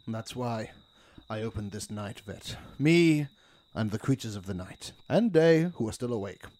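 A man improvising a solemn male night vet who talks to animals, in a grave, hushed, mock-dramatic tone. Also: fairly low pitch, lively intonation, moderate pace, natural voice.

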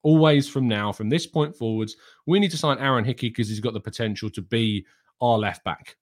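A man's voice: mid-range voice, a little fast. A man hosting a live stream, reading out viewer questions and answering in an opinionated, ranting way with frequent restarts. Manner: opinionated, rants and restarts mid-sentence. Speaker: host.

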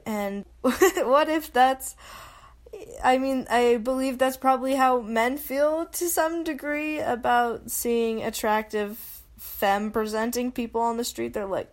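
A young woman talks through her solo podcast in a loose, chatty way. She pokes fun at herself, laughs easily and drops into little quoted voices. Her voice sits a touch on the high side. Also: slow pace. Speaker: podcast host. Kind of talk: casual solo podcast monologue.

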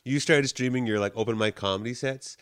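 A man's voice: fairly quick, clear, resonant tone, dry recording, clean studio sound. A man chatting casually as a podcast co-host, telling stories and acting out the people in them. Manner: animated storyteller, acts out quotes in high voices. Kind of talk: casual chat.

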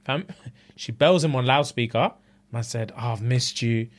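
A man with a London accent co-hosting a podcast, telling a story in a casual, animated way and acting out what people said in different voices, with plenty of swearing. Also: medium pitch, unhurried. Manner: acts out quotes in changing voices, swears freely. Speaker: podcast co-host. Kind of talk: casual chat, animated retelling.

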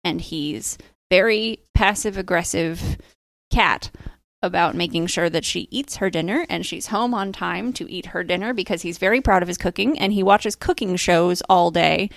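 A woman's voice: on the low side, normal speed, vocal fry, dry recording. A woman in her thirties co-hosting a podcast, steadily explaining with a wry touch. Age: 30s. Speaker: podcast co-host. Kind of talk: casual chat.

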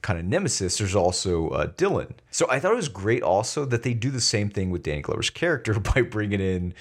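A man's voice: lowish voice, big pitch swings, fairly quick. A man co-hosting a casual film chat, arguing his points and laughing between them. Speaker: podcast co-host.

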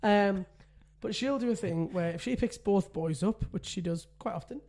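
A man's voice: high-pitched, normal speed, darkish tone. A man, chatting casually as a podcast co-host and telling stories with frequent laughs. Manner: chatty storyteller, laughs often. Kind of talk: casual chat.

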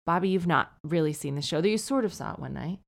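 Wry, low-voiced woman podcast host. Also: lively intonation, quick pace, creaky. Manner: chatty, wry, teasing. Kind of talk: casual podcast chat reading listener emails.

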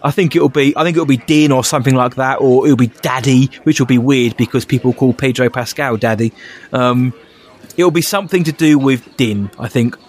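Male co-host, casual rambling chat, mid voice, self-deprecating, quick to laugh. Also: mid-range voice. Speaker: podcast co-host.

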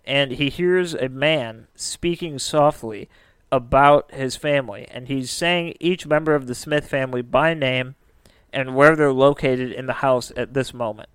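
A man's voice: medium pitch, unhurried, a bit bright, clear, resonant tone, dry recording. A man casually telling a spooky story as a podcast host, chatty and full of filler words.

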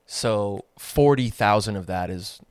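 A man's voice: lowish voice, unhurried, dry recording, studio quality. Rambling young man in casual chat. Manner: rambling, filler-heavy, thinks aloud. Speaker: podcast co-host.

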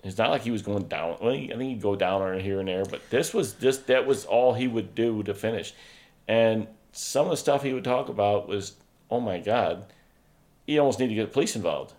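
A man in casual, frank conversation who tells stories bluntly, swears freely and loudly acts out his own remarks. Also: fairly low pitch, a little fast. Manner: blunt, profane storyteller, quotes himself loudly.

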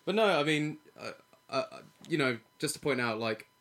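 A man's voice: on the high side, lively intonation, normal speed, fairly bright tone. A young man hosting a casual chat, laughing often and wandering off on tangents.

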